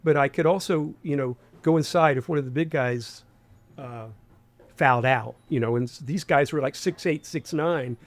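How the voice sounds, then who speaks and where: An older man in his sixties with a faint Appalachian lilt, talking in a rambling way full of restarts and fillers. His voice sits a touch higher than usual. The recording is dry and close. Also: moderate pace, no room sound. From Huntington, West Virginia. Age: 60s. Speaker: guest. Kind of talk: conversational interview.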